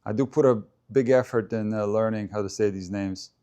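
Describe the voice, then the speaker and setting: A man's voice: fairly low pitch, fairly even intonation, a little fast, warm tone, clear, resonant tone. A man hosting a live stream, chatting casually about a tennis match and answering viewers' comments as he goes. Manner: chatty, stops to answer viewer comments and try out name pronunciations.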